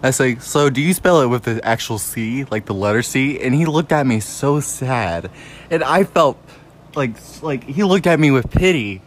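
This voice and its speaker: A man's voice: mid-range voice, expressive, normal speed, slight background noise. A young man co-hosting a podcast in casual, rambling chat, laughing often. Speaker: podcast co-host.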